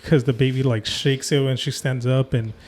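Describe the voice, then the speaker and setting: A relaxed man co-hosting a casual podcast. He chats at an easy pace, asks his partner questions and reads out comments. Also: mid-range voice, moderate pace. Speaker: podcast co-host.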